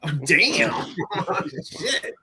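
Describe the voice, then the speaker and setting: A man's voice: drawn-out words, crowd noise. A man hosting a live stream, telling a story in casual chat, swearing freely and acting out angry quotes. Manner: profane, animated, acts out angry quotes. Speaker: stream host.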